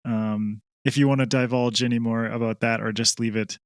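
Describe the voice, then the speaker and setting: A man's voice: medium pitch, fairly even intonation, normal speed, clean tone, no room sound, studio quality. A man hosting a casual interview, joking and teasing his guest. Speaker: podcast host.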